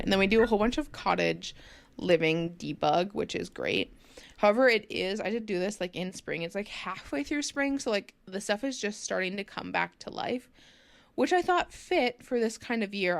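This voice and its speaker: A woman's voice: mid-range voice, gravelly, no echo. A young woman commenting casually over a game build, chatty and rambling with many fillers, sounding sleepy. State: sleepy, yawning. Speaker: gaming channel host.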